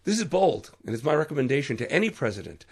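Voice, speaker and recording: Man, podcast host, solo opinion monologue, earnest, preachy, gravelly, husky. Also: mid-range voice, big pitch swings, quick pace. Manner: earnest and preachy, with sudden emphatic rises and trailing fillers.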